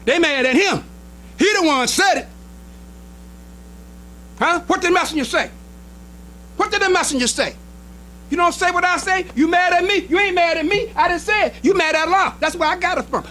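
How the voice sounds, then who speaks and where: A minister preaching a sermon in an emphatic style, with short repeated phrases and speech. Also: male voice, very high voice, animated, a little fast, sharp tone, slight background noise, low-quality recording. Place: temple hall.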